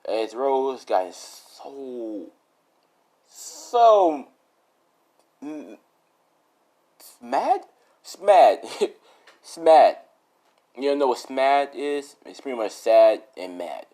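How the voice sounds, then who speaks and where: Slow, rambling young storyteller man. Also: mid-range voice, big pitch swings, mellow. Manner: rambling, laughs at his own story. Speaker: fan-fiction storyteller. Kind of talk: casual improvised storytelling.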